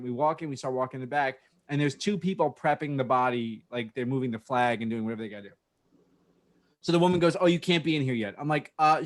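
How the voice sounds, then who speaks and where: A man co-hosting a casual podcast, telling a story in a heated, profane way. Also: fairly high pitch. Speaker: podcast co-host.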